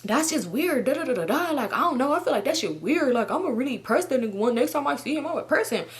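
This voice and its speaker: A man's voice: very high voice, sing-song, fast talker, pitched above the performer's own voice. A woman mimicking an angry cussing boyfriend. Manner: yelling, cursing, accusing.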